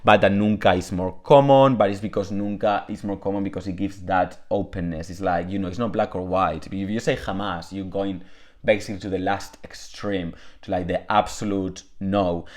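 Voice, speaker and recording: Deep-voiced man teaching casually. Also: fairly even intonation, moderate pace, darkish tone. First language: Spanish. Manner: chatty, many fillers, switches between Spanish and English. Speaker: Spanish teacher. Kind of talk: casual explanatory lesson.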